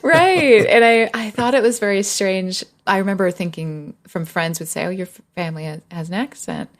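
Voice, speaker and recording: A woman's voice: mid-range voice, normal speed. A woman hosting a podcast interview, speaking in a friendly, casual way, laughing easily and asking open questions. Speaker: podcast host.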